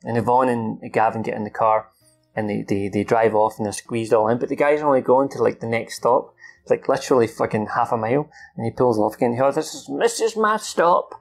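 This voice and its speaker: Brief: male film reviewer, gravelly voice, unscripted plot recap, swears and acts out lines, faint music behind. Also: medium pitch, fairly quick. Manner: animated, swears often, acts out characters' lines.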